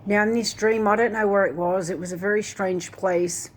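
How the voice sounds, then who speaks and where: A woman's voice: medium pitch, steady tone, normal speed. Woman rambling through a dream account. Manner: rambling, many fillers like "like" and "and that". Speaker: Christian video host. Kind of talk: casual dream retelling.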